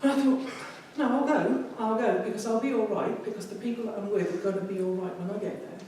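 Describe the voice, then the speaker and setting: Her mid-range, warm voice runs fast with fairly even intonation as this woman from England, in her 50s, tells a public speaking club a personal story, emotional and repeating phrases. The meeting-room recording is distant and very echoey, with slight background noise.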